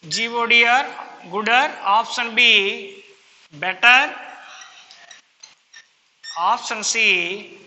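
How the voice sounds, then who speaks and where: Slow, bright-voiced Indian English teacher. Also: male voice, very high voice. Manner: slow drilling delivery, stresses first word and drops on the last. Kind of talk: classroom grammar lesson. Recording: long reverb, faint room noise.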